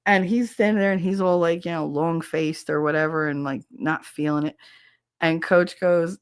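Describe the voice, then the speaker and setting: A woman in her thirties co-hosting a podcast, telling a gossipy story in casual, profane chat, laughing often and jumping up high to quote people. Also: moderate pace, no room sound, clean studio sound. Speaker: podcast co-host.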